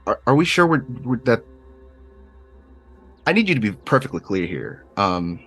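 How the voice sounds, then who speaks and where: A man's voice: medium pitch, very animated, moderate pace, a bit bright, breathy edge, soft background music, pitched above the performer's own voice, full character voice. A man voicing a profit-minded woman executive who demands clarity and cares only for money. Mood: skeptical, mercenary. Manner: clipped, skeptical, mercenary.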